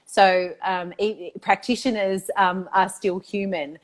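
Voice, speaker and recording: A woman's voice: medium pitch, steady tone, measured pace. A middle-aged woman, chatting enthusiastically as an interview guest, full of "like" and "you know". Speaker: guest, institute founder. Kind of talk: casual interview chat.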